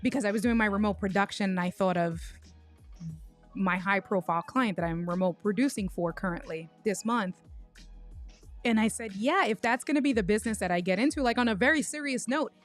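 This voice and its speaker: Faint music accompanies a woman with a medium-pitched voice as she hosts an informal livestream. Her tech mishap story is full of quick restarts, and she greets viewers by name along the way.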